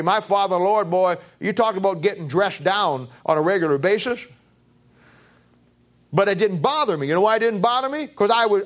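A man preaching a sermon as pastor, pressing the congregation with repeated rhetorical questions, his pitch swinging from low to high. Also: fairly bright tone. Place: church.

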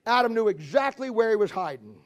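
A man's voice: high-pitched, very animated, brisk, highs cut off. A man preaching a humorous sermon, telling stories in a folksy way, laughing at his own jokes and acting out voices.

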